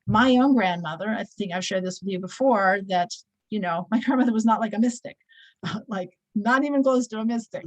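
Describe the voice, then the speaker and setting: A woman's voice: medium pitch, fairly quick, rough recording. Chatty woman in her sixties teaching. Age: 60s. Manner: chatty, anecdotal, many fillers and restarts. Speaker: Torah class teacher. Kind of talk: casual weekly scripture class.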